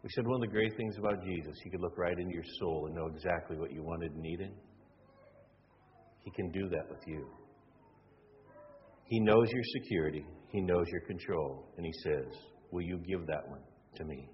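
Man, pastor preaching, lively swinging pitch, long hall reverb, slightly dull sound. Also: a little hiss or hum. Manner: animated, acts out quoted voices. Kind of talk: sermon.

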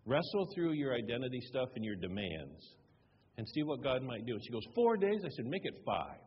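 A man serving as pastor preaches fairly quickly in a very animated mid-range voice, sharing stories conversationally and dramatizing the dialogue with varied stress. Slight background noise accompanies a dull recording with a long, hall-like reverb.

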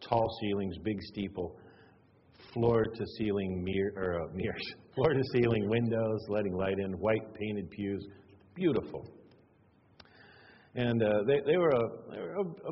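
Man, low voice, middle-aged preacher, chatty storytelling, self-deprecating, long echo, dull sound. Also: animated, moderate pace, breathy edge. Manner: conversational storytelling, self-deprecating, repeats words when emphatic. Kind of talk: sermon with personal stories.

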